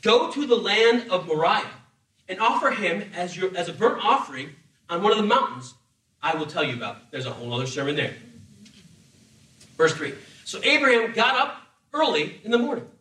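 A high, bright-voiced man preaching a sermon, lively and humorous, slipping into acted voices as he tells the story. He sounds a little off the mic, and the room around him echoes. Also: moderate pace, recorded from a distance. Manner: animated, acts out voices with humor. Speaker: pastor.

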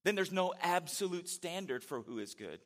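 A man's voice: high voice, very animated, moderate pace, a bit bright. Conversational man preaching a sermon. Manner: conversational, rhetorical questions, dramatic read-aloud inflection. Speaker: pastor.

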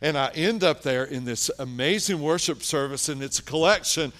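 A man preaching a sermon as pastor, animated and emphatic, dropping soft and then rising loud. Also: on the high side, normal speed.

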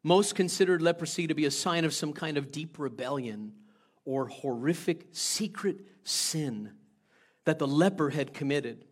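A man delivers a sermon in a casual, questioning way, talking straight to the congregation. His voice sits fairly high, and he swings between raised, forceful passages and low, quiet ones. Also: lively intonation, a little slow. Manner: conversational, asks the congregation questions, wide swings between loud and hushed. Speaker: pastor.

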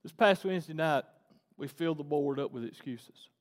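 A man preaching a sermon as the pastor, swinging between loud emphatic preaching and quiet conversational asides. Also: on the high side, moderate pace, long reverb tail.

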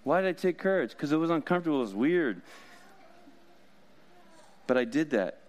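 A man's voice: on the high side, very animated, moderate pace, darkish tone. A man preaching a sermon as pastor, in a casual, joking way with frequent laughs.

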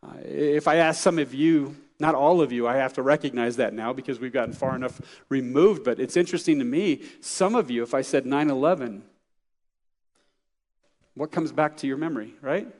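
A man's voice: mid-range voice, moderate pace, a little mellow. A middle-aged man preaching a sermon as pastor, conversational and anecdotal, with frequent fillers and restarts. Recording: long hall reverb.

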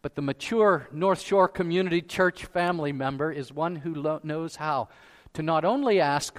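A man preaching a sermon as pastor, asking rhetorical questions and rising to loud emphasis. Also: fairly high pitch, moderate pace, long reverb tail. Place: church sanctuary.

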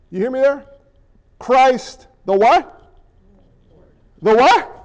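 A man preaching a sermon dramatically, firing rhetorical questions at the congregation and swinging between forceful declarations and hushed asides. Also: very high-pitched, very animated, takes it slowly, long pauses. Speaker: pastor.

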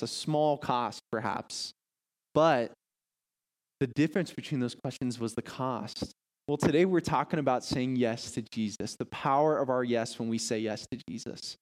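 A man preaching a sermon as pastor, playfully questioning his congregation before turning to prayer. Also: mid-range voice. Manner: lively, audience-engaging, playful questions. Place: church sanctuary.

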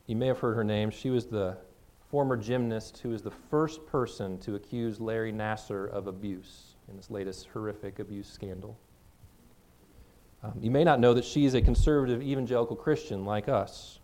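A man's voice: on the low side, moderate pace, mellow. A man preaching a sermon as pastor, speaking earnestly in a conversational way to his congregation.

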